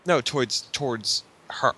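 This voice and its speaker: A man's voice: medium pitch, animated, a little slow, sharp tone, slightly rough. A man running a tabletop role-play as game master, loose and full of fillers. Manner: loose, filler-heavy with frequent laughs.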